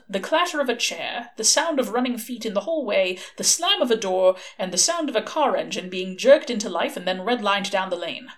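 Female audiobook reader, expressive storytelling, animated pitch. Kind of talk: reading a novel aloud.

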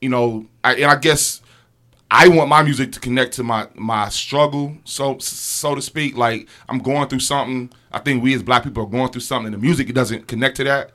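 A man chats on a casual podcast, his tone bright and forward. He rambles reflectively, restarting phrases and leaning on fillers as he thinks. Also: mid-range voice, fairly quick. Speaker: podcast co-host. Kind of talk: casual chat.

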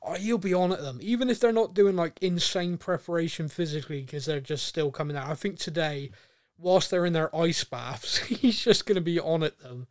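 A man co-hosting a football podcast in casual chat, animated and laughing often. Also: a little high, moderate pace, no echo, studio quality. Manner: animated, laughing, mimics a manager's rants. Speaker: podcast co-host.

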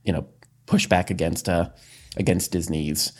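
A man hosting a casual podcast talk, his voice on the low side. He chats freely, sprinkling in likes and little laughs. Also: steady tone. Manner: chatty, quick to laugh, filler-heavy. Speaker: podcast host. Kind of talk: casual discussion.

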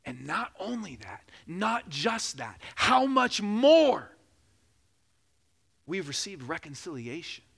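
Man, pastor, sermon, high voice, bright tone, jokes and laughs, slows down for emphasis. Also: very animated, vocal fry. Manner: preaching with rising emphasis, slowing for key phrases; jokes and laughs during a personal story.

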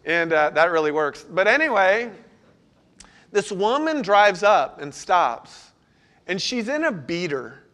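A middle-aged man with a high-pitched voice preaches a sermon to his congregation. He tells a family story and keeps it conversational, asking the listeners questions as he goes. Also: sing-song, takes it slowly, fairly bright tone. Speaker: pastor.

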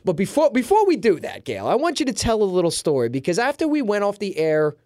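A man's voice: high-pitched, huge pitch swings, fast, mellow, no echo, clean studio sound. A man hosting a sports podcast, talking in a casual, emphatic and assertive way. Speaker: podcast host.

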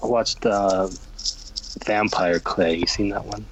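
A man's voice: on the low side, steady tone, slow pace, slight background noise, rough recording. A man co-hosting a casual podcast, talking with hesitant fillers and restarts. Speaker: podcast co-host.

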